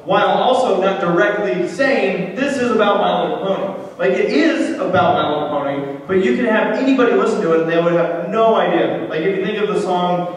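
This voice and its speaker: High-voiced man echoing through a convention hall. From United States. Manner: rambling, self-interrupting, joking with crowd. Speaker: convention panel guest. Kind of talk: casual Q&A with audience. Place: convention hall with live audience. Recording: far-off echoey hall, crowd noise. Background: audience reactions.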